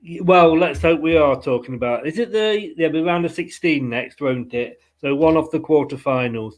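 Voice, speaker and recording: A man's voice: on the high side, expressive, normal speed. A man hosting a casual post-match football fan podcast, chatty and rambling with fillers and playful asides.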